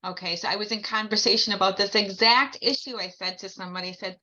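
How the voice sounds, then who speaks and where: A woman's voice: medium pitch, fairly even intonation, quick pace, few pauses, sharp tone, dull audio. A woman hosting a podcast, chatting casually in an effusive, enthusiastic way. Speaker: podcast host. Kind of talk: casual chat.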